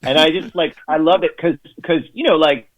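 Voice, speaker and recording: Heard through dull audio, a man with a slightly high voice talks at normal speed as a radio guest. His chat is casual and rambling, thick with fillers and restarts, and he mocks things sardonically using put-on voices.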